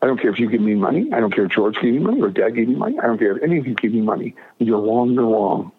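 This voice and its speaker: A man's voice: mid-range voice, animated, rapid-fire, husky. A man telling a personal story as an interview guest, emphatic and often repeating or restarting his phrases. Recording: narrow phone-like radio audio.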